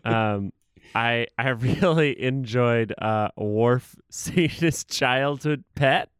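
A young man chats casually as a podcast co-host, cracking jokes and laughing often. His voice is smooth and clear, and it sounds dry and close to the mic. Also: mid-range voice, extremely slow, no echo. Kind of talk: casual chat.

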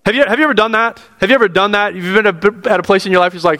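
A man's voice: sits high, rapid-fire, hardly any pauses, bright, forceful tone. A pastor preaching a sermon in earnest, repeating his phrases and asking the congregation questions. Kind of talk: expository sermon. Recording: long hall reverb.

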